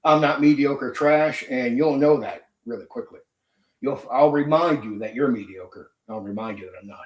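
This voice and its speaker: A man's voice: medium pitch, moderate pace, echoey room. A man hosting his own channel, ranting in a blunt, profane, combative casual monologue. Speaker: channel host.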